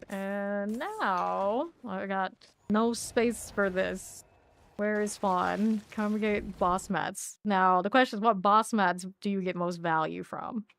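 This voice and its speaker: Woman game streamer, loose rambling chat, easy laugh, slow talker. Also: medium pitch, a little hiss or hum. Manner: chatty, rambling, laughs often. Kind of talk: live gameplay commentary.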